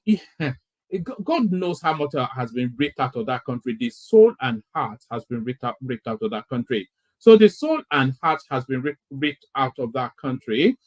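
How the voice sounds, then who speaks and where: A man with a mid-range voice hosts a live commentary show. He talks in bursts, stumbling and repeating words as he introduces each clip and gives his reactions. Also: mid-range voice. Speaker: commentator host.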